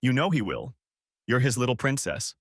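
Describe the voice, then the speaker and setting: A man's voice: medium pitch, big pitch swings, fairly quick, fairly bright tone, dry recording. A man voicing a bitter, hostile husband with a clipped delivery, in a dry close recording. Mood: sneering.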